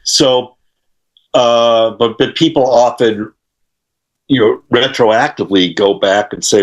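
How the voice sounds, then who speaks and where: An older man, a guitarist and author appearing as an interview guest, tells studio stories in a rambling, halting way full of fillers and restarts. He acts out quotes and laughs as he goes. His medium-pitched voice comes through a muffled recording.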